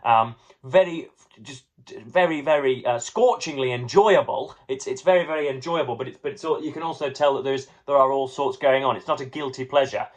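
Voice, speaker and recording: A man's voice: mid-range voice, fairly quick. Wordy, mock-grand young male book vlogger. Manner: wordy, playful, mock-grand phrasing with many ums and restarts. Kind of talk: casual chat to camera.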